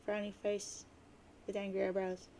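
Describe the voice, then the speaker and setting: A woman's voice: medium pitch, monotone, normal speed, dark tone, slight background noise. A woman reading a webcomic aloud, with playful, jokey asides. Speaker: webcomic reader.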